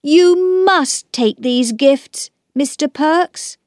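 A woman's voice: high voice, expressive, slow pace, a little mellow, no room sound, clean studio sound, pitched above the performer's own voice. A woman voicing an eager young boy, speaking in a raised, emphatic tone. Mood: earnest.

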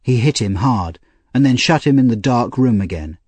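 A man narrating an audiobook in a measured, expressive storytelling manner. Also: mid-range voice, slightly rough, dry recording.

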